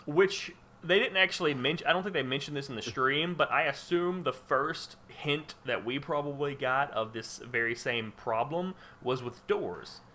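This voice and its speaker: A man's voice: mid-range voice, normal speed, hardly any pauses, sharp tone. A man hosting a casual gaming podcast, rambling with lots of fillers and restarts. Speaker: podcast host. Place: home room under a spotlight.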